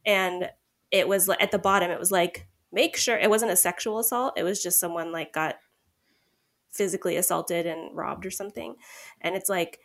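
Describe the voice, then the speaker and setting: A woman's voice: lowish voice, moderate pace. A young woman co-hosting a podcast, chatting casually and acting out quoted lines as she tells stories. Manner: animated storyteller, acts out quotes. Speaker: podcast co-host. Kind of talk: casual chat.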